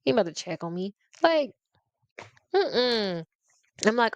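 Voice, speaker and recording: A woman's voice: medium pitch, very animated, moderate pace, clean tone, no echo, highs cut off. A woman hosting her own show, ranting in a casual, sassy and playful way, laughing often as she talks straight to her audience. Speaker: podcast host. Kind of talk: casual comedic rant to the audience.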